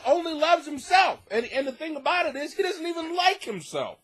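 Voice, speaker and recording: A man's voice: very high voice, big pitch swings, fairly quick, hardly any pauses, fairly bright tone. A man hosting a comedy podcast, ranting profanely with sarcastic mock outrage while reading listener letters. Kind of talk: crude comedic advice rant. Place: home basement.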